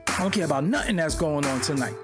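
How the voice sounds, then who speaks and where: A man hosting a livestream in casual talk, loud and animated, swinging between excited exclaiming and low muttering. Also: fast talker, loud music behind the voice. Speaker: livestream host. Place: home studio at his screen.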